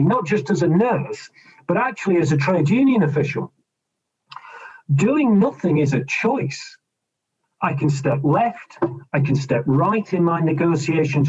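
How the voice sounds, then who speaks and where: A man with a slightly high voice talks through negotiation tactics as a guest on a podcast. He repeats and restarts words and tells stories as he goes. The recording sounds dull and lo-fi. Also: darkish tone, husky. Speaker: trade union official and guest. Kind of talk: podcast interview, explaining negotiation tips.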